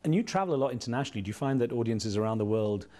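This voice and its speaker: A man interviewing a guest, asking short questions briskly. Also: medium pitch, animated, warm tone.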